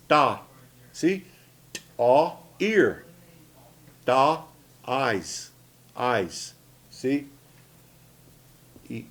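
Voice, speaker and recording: A man in his sixties from Oklahoma teaches a spoken lesson, his voice sitting at an ordinary middle pitch. He talks simply and repeats himself, often pausing to ask "okay?" or "see?". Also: darkish tone. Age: 60s. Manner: plain-spoken, repetitive, frequent "okay?" and "see?" checks. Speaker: language teacher.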